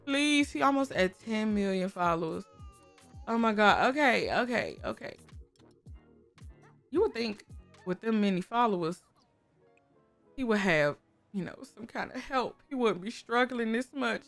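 A woman's voice: medium pitch, animated, a little slow, pauses often, a bit bright, faint music behind. A woman casually commenting on her game, chatty and exclaiming, talking to viewers and to the characters, with speech. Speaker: gaming YouTuber.

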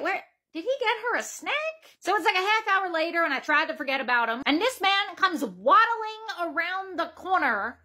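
A woman's voice: very high voice, sharp tone. A young woman telling a comedic retail story in a sarcastic, exasperated way. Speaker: comedy skit creator.

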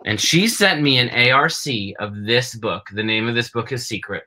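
A man's voice: mid-range voice, normal speed, hardly any pauses, pushed and bright, low-quality recording. A man moderating a book talk over a video call, playful and enthusiastic. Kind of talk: casual chat.

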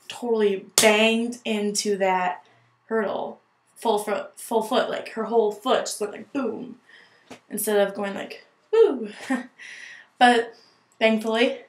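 A young woman vlogging in a gushing, chatty way, full of "like", recorded in an echoey room. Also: fairly high pitch. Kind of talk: casual chat to camera.

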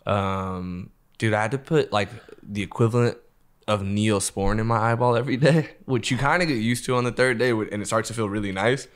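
A man guesting on a podcast, telling a story in casual chat, animated and profane, laughing as he goes. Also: fairly quick. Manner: animated, profane, acts out quotes in a higher voice; laughs through his telling.

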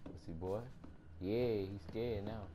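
A man's voice: lowish voice, fairly even intonation, measured pace, heavy background noise. A young man playing a horror video game, commenting in slang, swearing, and letting out sudden screams. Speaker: gaming streamer.

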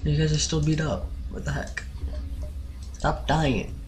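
A man hosting a let's play, reacting with excitable outbursts and plenty of fillers while he orders his crew around. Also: on the high side, unhurried. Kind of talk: casual gameplay commentary.

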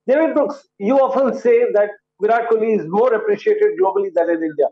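Man, news anchor, high pitch, muffled lo-fi sound, pointed questioning. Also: fairly quick. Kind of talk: live TV panel hosting.

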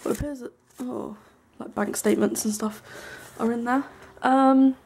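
A young woman giving a casual, rambling tour of her small bedroom, full of ums and likes, sometimes hushed. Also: on the high side, steady tone, normal speed, creaky, husky. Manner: hushed at times so as not to wake her brother. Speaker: vlogger. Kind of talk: casual room tour vlog.

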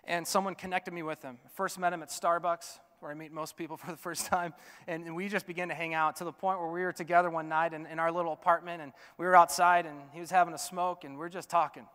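Guy preaching a sermon, smooth resonant voice, gets loud then goes real quiet. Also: fairly high pitch, flat delivery, quick pace, big-room sound. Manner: dynamic, swinging from loud urging to soft hush. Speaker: pastor. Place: church sanctuary.

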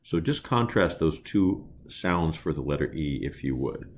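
A man leading a choir diction lesson, explaining vowel sounds carefully and singing slow demonstrations. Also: very deep voice, expressive. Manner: unhurried, careful teaching with slow sung demonstrations. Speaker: choir director.

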